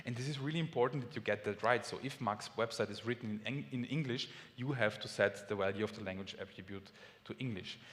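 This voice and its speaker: A man's voice: fairly low pitch, quick pace. Austrian man giving a conference talk. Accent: Austrian German. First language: German. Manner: lively, friendly explaining with small restarts. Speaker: conference speaker. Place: large conference hall. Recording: long hall reverb.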